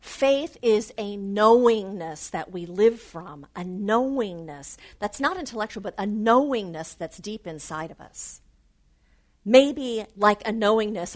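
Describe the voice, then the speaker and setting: A woman giving an earnest, animated spiritual talk to a live audience. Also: mid-range voice. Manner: earnest, animated, varied emphasis. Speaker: spiritual speaker.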